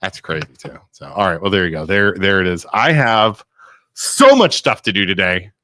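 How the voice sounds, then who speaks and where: Lively man co-hosting a talk show. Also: deep voice, no echo, clean studio sound. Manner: excitable, quick to laugh and joke. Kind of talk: casual banter. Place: radio studio.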